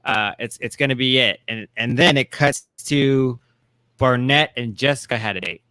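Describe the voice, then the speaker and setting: A man's voice: mid-range voice, normal speed, pushed and bright, smooth, no room sound. A man co-hosting a casual TV recap chat, rambling with many fillers and restarts. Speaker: co-host.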